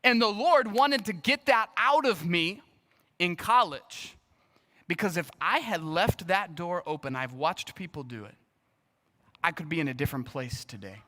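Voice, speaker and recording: A man, a guest pastor, preaching an earnest, animated sermon and acting out bits of dialogue. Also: sits high, unhurried. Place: church sanctuary.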